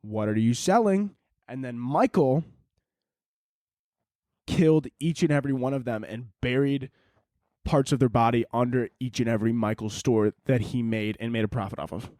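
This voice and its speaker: A man's voice: mid-range voice, fairly even intonation, normal speed, warm tone, no room sound, studio quality. A young man hosting a podcast, ranting in a rambling, profane, jokey way. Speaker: podcast host. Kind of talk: casual comedic podcast monologue.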